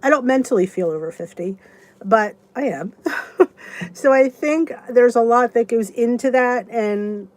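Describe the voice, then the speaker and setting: A woman's voice: a little high, unhurried, a little mellow. A woman in her fifties hosting a casual live chat, answering viewers by name and rambling in a chatty way with many restarts. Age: 50s. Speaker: YouTube channel host.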